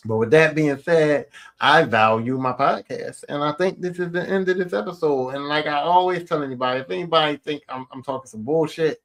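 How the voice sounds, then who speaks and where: A man's voice: on the high side, brisk, fairly bright tone. A middle-aged man hosting his own podcast, talking in a blunt, rambling way and swearing casually. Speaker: podcast host. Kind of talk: casual solo podcast monologue.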